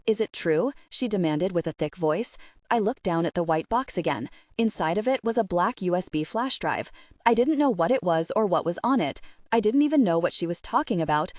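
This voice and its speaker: A young woman narrating a first-person romance audiobook in an expressive, emotional way. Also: fairly low pitch, dry recording, studio quality.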